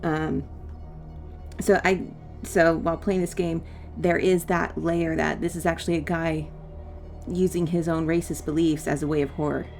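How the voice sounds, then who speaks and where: A woman's voice: sits low, level tone, moderate pace, gravelly, a little mellow, soft background music. A woman chatting casually as she plays a video game, rambling into side tangents and apologizing for them. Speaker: let's play gamer. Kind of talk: casual gameplay commentary.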